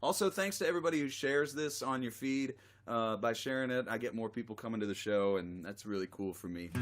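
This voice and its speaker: A man's voice: medium pitch, slight background noise. A man with a tickle in his throat, chatting casually between songs as a singer-songwriter on a livestream. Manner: chatty, rambling, self-deprecating. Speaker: singer-songwriter streaming a live show. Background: guitar music.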